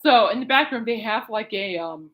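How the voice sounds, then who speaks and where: A woman hosting her own podcast alone at home at night, telling a long story in a rambling, excitable way full of fillers and asides. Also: a little high, moderate pace, rough recording. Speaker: podcast host. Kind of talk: casual rambling monologue.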